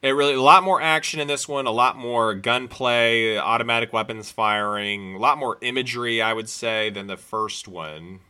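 A man co-hosting a casual podcast about movie trailers. His voice is bright and forward, and he jokes around, jumping up in pitch when something excites him. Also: moderate pace, hardly any pauses, clean tone. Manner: animated, joking, pitch jumps when excited. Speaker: podcast co-host. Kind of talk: casual trailer-review chat.

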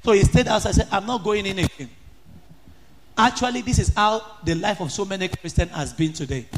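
A man preaching an impassioned sermon, often rising to shouts and sing-song chanting. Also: sits high, brisk, slight background noise.

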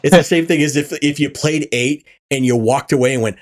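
A man hosting a podcast, chatting casually, swearing often and telling animated stories. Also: fairly high pitch, a little fast, hardly any pauses. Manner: animated storytelling, swearing and laughing. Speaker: podcast host. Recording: poor audio from a faulty mic.

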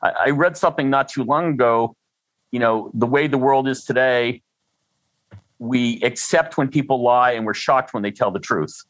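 A man's voice: mid-range voice, normal speed, fairly bright tone, dry recording, rough recording. Older man, dry rambling talk. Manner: rambling, self-deprecating, with many restarts. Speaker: guest, freelancer. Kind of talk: conversational interview.

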